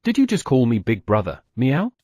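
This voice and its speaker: A man's voice: mid-range voice, huge pitch swings, moderate pace, a little mellow, no room sound. A man voicing a cheeky male cat who tacks meow onto his lines in an audiobook. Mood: coaxing. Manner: sulky, coaxing, adds meow.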